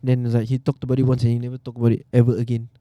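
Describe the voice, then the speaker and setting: A man's voice: medium pitch, monotone, racing, dry recording, dull audio. A man in a casual podcast panel chat, eagerly building his argument with examples. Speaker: podcast co-host.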